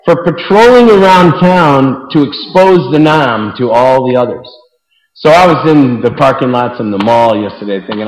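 A man giving an informal devotional talk to a group, telling stories and acting out the people in them. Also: fairly high pitch. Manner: animated storyteller acting out quotes. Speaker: book distributor speaking to devotees. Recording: echoey hall with long reverb.

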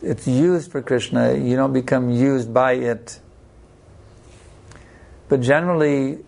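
A man teaching a devotional scripture class in an unhurried, plain-spoken way, telling personal stories. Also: medium pitch, vocal fry, darkish tone.

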